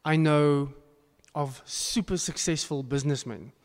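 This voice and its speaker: A male pastor preaches an earnest sermon, breaking into sudden emphatic bursts at a slightly slow pace. For a man, his voice sits somewhat high. A long reverb tail suggests a large church hall.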